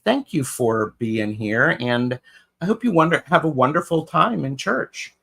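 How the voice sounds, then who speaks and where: A man's voice: fairly high pitch, expressive, measured pace, vocal fry, fairly bright tone, husky. A man co-hosting a live tarot stream in casual chat, greeting viewers by name with fillers and restarts.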